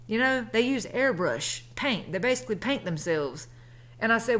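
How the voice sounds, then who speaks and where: A woman's voice: medium pitch, animated, brisk, a bit bright. A woman in her thirties telling a personal story in a chatty, colloquial way. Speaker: vlogger. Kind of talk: casual storytelling.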